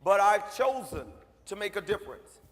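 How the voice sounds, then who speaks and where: A man's voice: high-pitched, sing-song, moderate pace, fairly bright tone. A man giving a motivational speech to a student audience, joking and talking straight to the crowd in punchy bursts. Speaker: motivational speaker. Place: large hall at a school assembly. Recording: long hall reverb.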